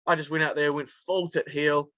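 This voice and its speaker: A man's voice: fairly high pitch, little pitch movement, normal speed, pushed and bright, no room sound, muffled recording. A male wrestler from New telling stories in a casual interview, chatty and laughing through his anecdotes with plenty of fillers. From New Zealand.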